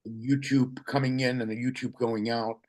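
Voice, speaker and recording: A man hosting an online comedy event over a video call, speaking in a relaxed way with many fillers and small laughs. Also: medium pitch, normal speed. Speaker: host.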